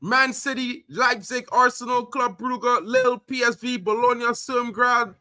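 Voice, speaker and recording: A man streaming casual football chat, animated and slangy, calling everyone bro. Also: very high voice, measured pace, no echo. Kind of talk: casual live commentary.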